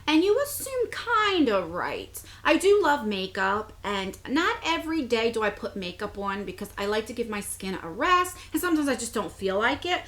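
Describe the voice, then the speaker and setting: Jersey lady in her 40s vlogging, reading comments out, chatty and rambly, laughs a lot, bouncy highish voice. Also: big pitch swings, moderate pace, few pauses, a bit bright. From New Jersey. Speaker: beauty vlogger. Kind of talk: casual chat reading viewer comments.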